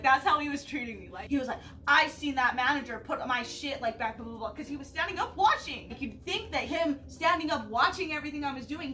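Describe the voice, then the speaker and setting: Bright-voiced young woman vlogger. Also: high voice, distant mic, rough recording. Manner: profane, animated storytelling with many "like"s. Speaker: vlogger host. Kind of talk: casual storytelling chat.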